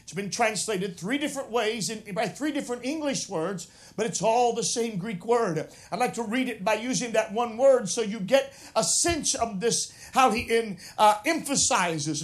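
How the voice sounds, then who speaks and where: A man's voice: sits high, lively intonation, normal speed, few pauses. A man preaching an expository sermon, reading scripture aloud and explaining it, with frequent "uh" fillers and passages that build to emphatic, raised preaching.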